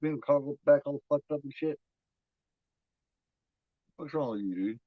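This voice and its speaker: A man's voice: fairly high pitch, lively intonation, unhurried, no room sound, lo-fi sound. A man giving casual, profane commentary while watching a movie, talking back at the screen.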